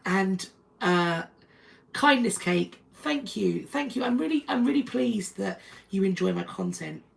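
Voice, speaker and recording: A woman's voice: medium pitch, expressive, a little slow, vocal fry, poor audio. A woman hosts a live stream at home, chatting about history and thanking viewers one by one. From North London, England. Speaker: history channel host.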